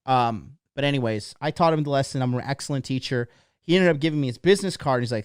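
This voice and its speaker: Blunt, profane man with a smooth voice. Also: medium pitch, fast talker, no room sound, studio quality. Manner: blunt, profane, rambling storytelling. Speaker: dating coach. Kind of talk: motivational monologue.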